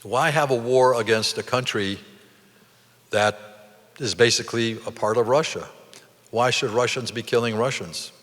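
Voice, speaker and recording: A man's voice: medium pitch, a bit bright. Emphatic man speaking in a reverberant hall. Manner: emphatic and deliberate, with rhetorical questions. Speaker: guest speaker. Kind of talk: commemorative lecture to an audience.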